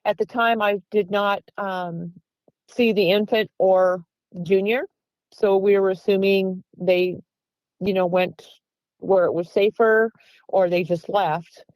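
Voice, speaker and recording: Speaking slowly at medium pitch, this Pennsylvania woman keeps a steady, slightly mellow tone. As a guest, she earnestly tells a long story about an encounter, voicing the quotes of everyone in it. The audio is dry and poor.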